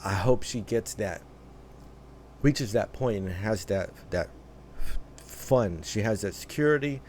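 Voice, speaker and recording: A man's voice: fairly low pitch, expressive, a little slow, a little mellow, slight background noise. Rambling man reacting and commenting. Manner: rambling, many restarts and fillers. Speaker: reaction host.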